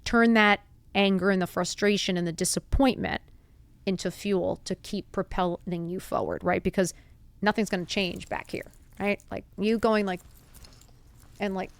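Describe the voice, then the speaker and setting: A woman's voice: medium pitch, clear, resonant tone, no echo. A woman hosting a podcast, talking earnestly and openly about getting back up after setbacks, peppering her speech with "like" and "right?" and rhetorical questions. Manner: earnest, confiding, heavy use of "like" and "right?". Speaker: podcast host. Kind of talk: motivational personal talk.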